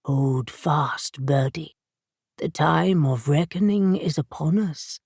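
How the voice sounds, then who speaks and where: A woman voicing a calm, cryptic male talking cat familiar who speaks in grave, terse lines. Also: deep voice, slow, creaky, husky, dry recording, studio quality, voice pushed down, full character voice.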